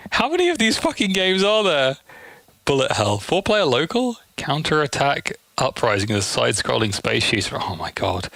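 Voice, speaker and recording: A man's voice: mid-range voice, creaky, a bit bright, no echo. A young man streaming shoot-'em-ups, tired, rambling and swearing freely. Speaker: game streamer. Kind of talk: casual gameplay stream commentary.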